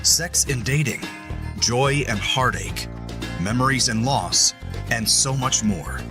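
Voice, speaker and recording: A man reads a podcast promo in a slow, measured, dramatic way. Guitar music plays clearly behind him, and his pitch sits in an ordinary middle range. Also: animated. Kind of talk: scripted promo read.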